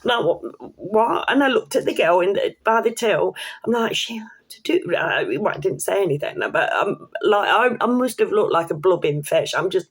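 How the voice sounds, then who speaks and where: A woman telling a personal story to camera in a chatty, excitable way, with casual swearing and slang. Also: mid-range voice, normal speed, husky. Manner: chatty, excitable, laughs while telling stories. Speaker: vlogger.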